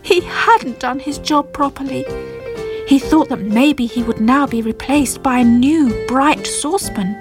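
A woman reads a children's story aloud, taking her time over each line. Her voice sits high and light. Guitar music plays clearly behind her. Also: unhurried.

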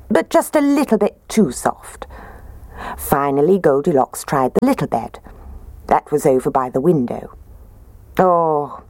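Woman reading a bedtime story, low voice but swoops around a lot, dry close sound. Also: vocal fry, breathy edge, no echo. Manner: expressive, gentle.

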